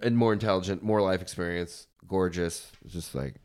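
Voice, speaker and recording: A man's voice: low voice, a little fast, darkish tone. A man in his late twenties hosting a comedy podcast, rambling through crude stories with friends and laughing often. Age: 20s. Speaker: podcast host.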